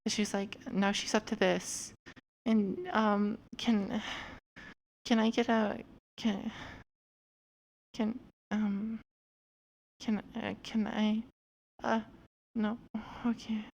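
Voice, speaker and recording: A woman voicing an extremely shy young dog girl, speaking very quietly and stammering her requests. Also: on the low side, flat delivery, drawn-out words, few pauses, a little hiss or hum, poor audio. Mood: timid. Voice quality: very quiet, barely audible. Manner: hesitant, stammering pleas. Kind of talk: role-play character voice.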